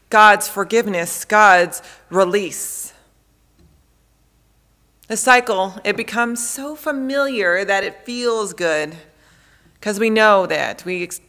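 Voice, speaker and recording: A woman in her thirties, a pastor preaching a sermon in a measured way, repeating phrases for emphasis. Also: mid-range voice, a bit bright.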